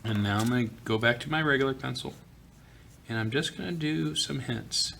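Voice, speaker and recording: A man of middling pitch talks through a drawing lesson in an easygoing way, thinking aloud with fillers while he sketches. A faint hiss of room noise sits under his voice, recorded at a school desk. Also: fairly quick, vocal fry, fairly bright tone. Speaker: art teacher. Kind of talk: drawing tutorial narration. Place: school office.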